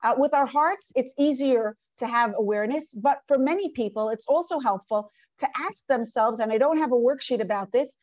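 A woman's voice: high-pitched, normal speed, few pauses, darkish tone, no echo, highs cut off. A woman teaching a class from a workbook, earnest and conversational, with lots of rhetorical questions. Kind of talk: lecture from a workbook.

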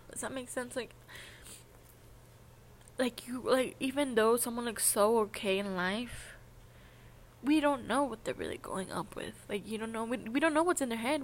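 A young adult woman vlogs a casual, confessional monologue, rambling and hesitant and full of "like" fillers. Her voice is a little high, with slight background noise.

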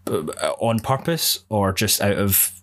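A man's voice: on the low side, lively intonation, measured pace. A man co-hosting a casual podcast, talking in a rambling, hesitant way with many fillers. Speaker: podcast co-host. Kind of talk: casual chat.

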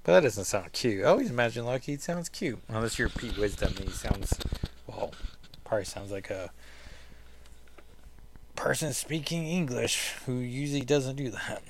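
A man hosts a podcast, chatting casually about a comic book while second-guessing himself and using fillers. His mid-range voice has lively intonation at a normal speed, and there is background noise.

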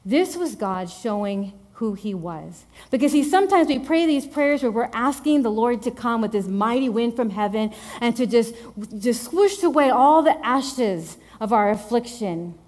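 A woman preaching a sermon in a lively, conversational way, repeating phrases for emphasis. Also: on the high side, normal speed, few pauses.

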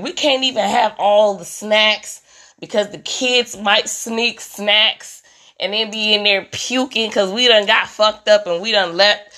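A young woman doing a profane comedic rant about motherhood, animated and full of mimicry. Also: medium pitch.

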